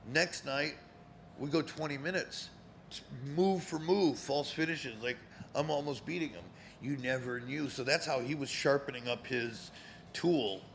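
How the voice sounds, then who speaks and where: A man's voice: mid-range voice, creaky, a bit bright, slight background noise. A man in his fifties from Connecticut, a former pro wrestler guesting on a live show, telling stories in a rambling, profane way with many fillers. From Connecticut, USA. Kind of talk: casual storytelling. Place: cigar lounge, live show.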